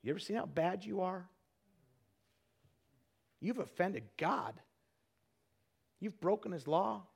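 A middle-aged man preaching, his voice sitting a bit high for a man. He is earnest and repeats himself as he tells stories, then sinks to a hush when he leads the prayer. The talk builds toward an altar call. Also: lively intonation, slow pace, vocal fry, slightly rough. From Twin Falls area, United States. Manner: earnest, repetitive storytelling, drops to hushed tones for prayer. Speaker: evangelist.

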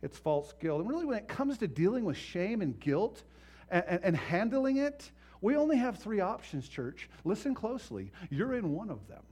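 A man preaching a sermon as pastor, impassioned and swinging from hushed to loud, acting out voices in his stories. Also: high-pitched, sing-song, moderate pace, slightly rough.

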